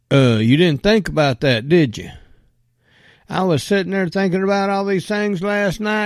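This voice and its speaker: In studio-quality sound with no echo, a man with a high-sitting voice launches an angry, profane rant. He's blunt and addresses a politician directly.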